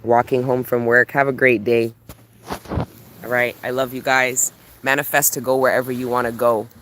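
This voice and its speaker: A woman chatting casually on a livestream while she walks home outdoors. She talks warmly to her viewers and reads their comments aloud. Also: very deep voice, flat delivery, moderate pace, slight background noise. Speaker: spiritual coach and retreat host. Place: outdoors walking by water.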